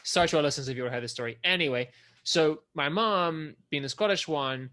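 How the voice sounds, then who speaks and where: A man's voice: fairly high pitch, fast talker. A young man co-hosting a podcast, telling stories in casual chat with plenty of swearing. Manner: animated storyteller, swears casually. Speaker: podcast co-host.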